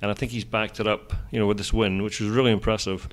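A man's voice: lowish voice, fairly even intonation, fast. A man in his fifties, a golf journalist chatting as a podcast guest with dry, self-deprecating humor. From Scotland. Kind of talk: casual interview chat.

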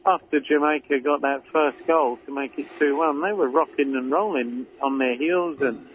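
A man's voice: on the high side, moderate pace, a little hiss or hum. A man in his sixties with a Cockney accent, a football pundit chatting casually on the radio in a rambling way with many fillers. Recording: tinny phone line.

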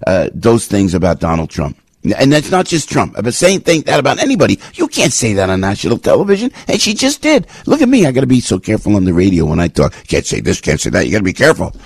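Fired-up gravelly male radio host. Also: lowish voice, big pitch swings, fast, no echo, clean studio sound. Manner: fired-up, indignant, rambling. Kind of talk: talk radio commentary. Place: radio studio.

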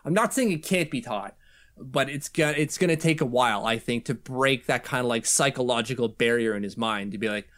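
A man's voice: medium pitch, fairly quick, fairly bright tone. A man co-hosting a casual hockey podcast, talking loosely and laughing often. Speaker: podcast co-host.

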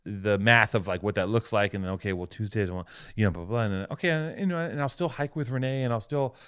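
A man's voice: on the low side, fast talker, fairly bright tone, clean tone. A man co-hosting a podcast, trading insults in heated, mock-furious banter full of swearing. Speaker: podcast co-host.

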